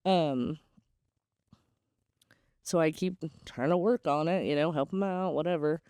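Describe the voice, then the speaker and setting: Young woman host, frank storyteller, smooth and clear, dry booth sound. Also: low voice, a little slow, mellow, no echo. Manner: candid and chatty, many "like"s. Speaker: podcast host. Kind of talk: casual storytelling.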